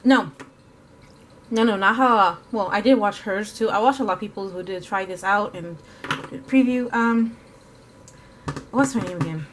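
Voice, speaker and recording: A woman's voice: mid-range voice, moderate pace, pauses often, slight background noise. A woman chatting casually through an art vlog, rambling with lots of fillers and self-corrections, sometimes talking while eating. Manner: talks while eating at times. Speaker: art vlogger.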